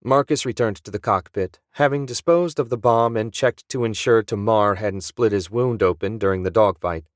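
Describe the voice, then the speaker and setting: A man narrating an audiobook in a steady, even storytelling manner. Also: fairly low pitch, moderate pace, few pauses, no room sound, clean studio sound. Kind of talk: scripted narration.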